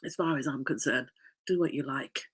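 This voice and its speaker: A woman's voice: extremely low pitch, moderate pace, husky. A woman life coach in casual podcast chat, nasal and congested from a cough, rambling and laughing often.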